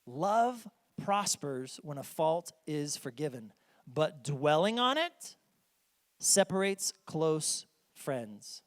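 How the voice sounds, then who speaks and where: A man's voice: fairly high pitch, sing-song, slow, in a large hall. A man preaching a sermon as pastor to his congregation in a church, earnest and emphatic. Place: church sanctuary.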